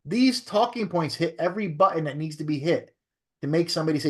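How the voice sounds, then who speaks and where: A man's voice: a little high, lively intonation, a little fast, darkish tone. A man who is a real estate broker teaching a training class in a coaching way, often checking in with "right?".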